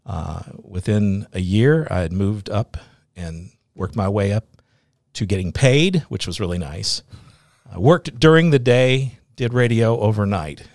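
A middle-aged man with a low, gravelly voice recounts his career and faith in an earnest, reflective way. The sound is close and dry, with no room around him. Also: expressive, unhurried, a little mellow, dry recording. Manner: earnest, reflective, laughs easily. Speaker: radio host guest. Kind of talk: faith interview storytelling.

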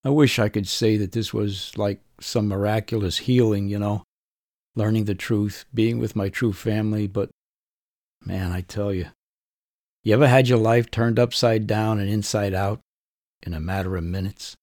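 Gravelly man in his fifties telling a story. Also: on the low side, fairly even intonation, darkish tone, dry recording, studio quality. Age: 50s. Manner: earnest and emotional, measured pauses. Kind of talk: first-person storytelling.

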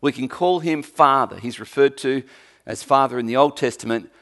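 A pastor preaches a sermon at a normal pace, emphatic and dryly humorous. He swings between forceful peaks and quiet, low stretches.

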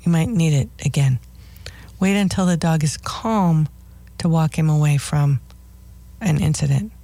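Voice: medium pitch, measured pace, mellow. A radio host of a dog-training show, giving firm, instructive advice as a list of do's and don'ts.

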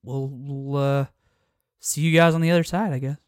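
A man's voice: medium pitch, fairly even intonation, normal speed, clear, resonant tone, no room sound, clean studio sound. A man co-hosting a podcast in casual chat, talking eagerly with restarts and frequent laughs. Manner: chatty, repeats and restarts, laughs often. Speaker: podcast co-host.

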